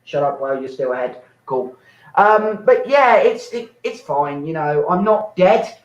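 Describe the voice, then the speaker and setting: A young man hosting and doing a rambling, sweary stand-up set from his flat, breaking into sudden shouts. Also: a little high, measured pace. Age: young adult. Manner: rambling, swearing, self-interrupting, shouting bursts. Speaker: host and stand-up comic. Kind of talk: stand-up set on an online open mic. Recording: echoey, dull lo-fi home mic.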